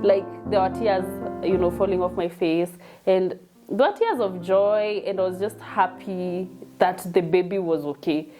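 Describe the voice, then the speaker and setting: A woman's voice: lowish voice, unhurried, over music. A young woman with a Kenyan accent telling a personal story in a chatty, emotional way, mixing English and Swahili. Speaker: vlogger telling her birth story.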